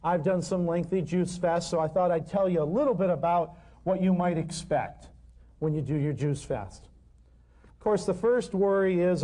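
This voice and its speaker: A man lecturing on natural healing to a live audience, animated and joking, acting out exchanges with patients and hammering points home by repeating them. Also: high-pitched, moderate pace. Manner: emphatic, repeats points for effect. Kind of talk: live seminar talk to an audience.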